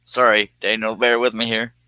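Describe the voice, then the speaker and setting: A man chats casually to viewers on his live stream, folksy and amused by his own jokes. His voice sits a little low but sounds very bright. The sound is dry and close, with no room around it. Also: flat delivery, moderate pace, smooth, no echo, poor audio. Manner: folksy, self-amused, chuckles often.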